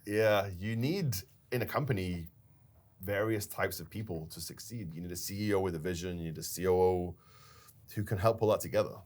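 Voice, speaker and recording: A man co-hosting a casual business chat, telling stories in an animated way and laughing now and then. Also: low-pitched, a little fast. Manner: storytelling, animated retelling with laughs. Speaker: company founder and podcast co-host.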